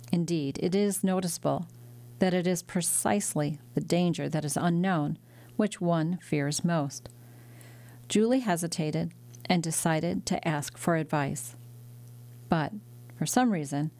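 A woman narrating a classic novel as an audiobook, in a measured, steady reading. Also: fairly low pitch. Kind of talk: scripted narration.

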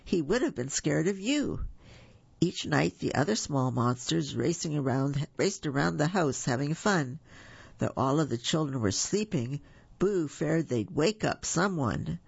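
Brief: woman storyteller, husky and a touch gravelly, gentle read-aloud pace, dry dull studio sound. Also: low-pitched, expressive, measured pace, no room sound. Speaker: volunteer reader for a reading service.

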